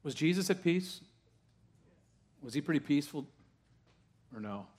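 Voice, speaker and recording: A man's slightly rough, somewhat high voice carries a sermon to a live church congregation, unhurried but with lively intonation. This pastor preaches conversationally, full of questions, swinging from quiet asides to loud, rising exclamations.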